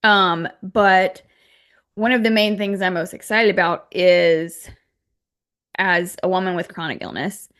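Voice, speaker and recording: A woman's voice: lowish voice, fairly even intonation, a little slow, a bit bright, smooth. A woman in her thirties hosting a podcast, talking in a hesitant, chatty way with repeated words. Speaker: podcast host. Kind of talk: casual interview chat.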